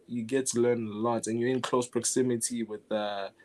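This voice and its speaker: Relaxed young man telling his story. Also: mid-range voice, moderate pace. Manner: relaxed, laughs often, restarts phrases. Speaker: guest animator. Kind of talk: casual interview storytelling.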